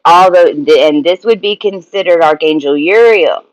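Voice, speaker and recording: High-voiced man repeating emphatic phrases. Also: moderate pace, few pauses, rough recording. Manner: repetitive, emphatic, restarts phrases. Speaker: spiritual teacher. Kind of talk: spiritual teaching monologue.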